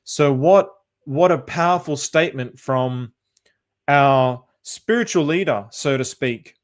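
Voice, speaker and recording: A man's voice: fairly high pitch, takes it slowly. An Australian man hosting a casual livestream, chatty and upbeat, greeting viewers by name and repeating phrases as he talks. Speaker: livestream host.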